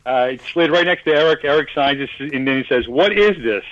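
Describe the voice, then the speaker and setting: A man's voice: medium pitch, steady tone, fast talker, a bit bright, no echo, lo-fi sound. A man from New England, a podcast guest, telling a long story in a rambling way, with many restarts and acted-out bits of other people's lines. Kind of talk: casual storytelling.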